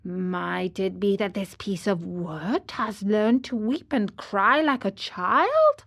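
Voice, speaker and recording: A woman's voice: medium pitch, animated, takes it slowly. A woman voicing an old male carpenter who mumbles to himself and gets nervous and frightened, in a storybook reading.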